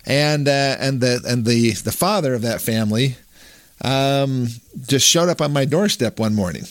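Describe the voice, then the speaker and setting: A man's voice: medium pitch, normal speed, no room sound. A man, an author, telling a long story casually, with many restarts, who acts out the people he quotes.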